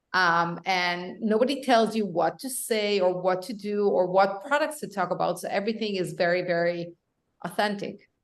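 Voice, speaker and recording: Woman host asking interview questions. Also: medium pitch. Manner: measured, with frequent ums.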